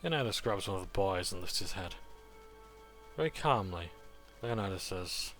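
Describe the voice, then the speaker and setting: A man's voice: low-pitched, animated, normal speed, pauses often, fairly bright tone, faint music behind. A man recapping a tabletop game session as game master, narrating events and dice rolls.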